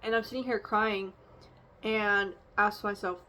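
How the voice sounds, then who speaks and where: Young woman, casual reflective vlog, rambling, lots of fillers, medium pitch. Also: steady tone, a little slow, bright, forceful tone, a little hiss or hum. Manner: rambling, frequent fillers and restarts. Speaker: vlogger doing an oracle card reading.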